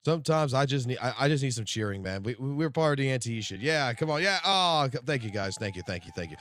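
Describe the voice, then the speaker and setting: A man hosting a live stream, chatting casually and excitably with plenty of profanity, straight to his chat. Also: mid-range voice, quick pace, dry recording, clean studio sound. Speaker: livestream host. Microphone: studio streaming mic.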